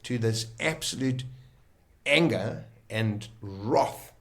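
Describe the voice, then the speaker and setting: A man recounts his survival story in a vivid, emotional way. He often stops and restarts mid-sentence as he searches for words. His voice sits at an ordinary middle pitch. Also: normal speed. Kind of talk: casual storytelling.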